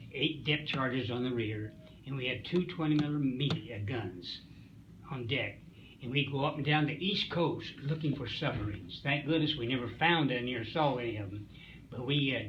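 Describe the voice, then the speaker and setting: A man's voice: medium pitch, muffled recording, background noise. A man in his nineties from Missouri, a wartime Coast Guard veteran, telling his stories in an interview in a folksy, rambling way with hesitations. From Springfield, Missouri, USA. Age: 90s. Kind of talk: storytelling interview.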